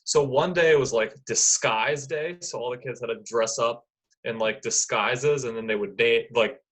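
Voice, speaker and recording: A man's voice: mid-range voice, normal speed, a bit bright, breathy edge. Young guy guest on a podcast, laid back, just chatting. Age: young adult. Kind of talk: casual chat.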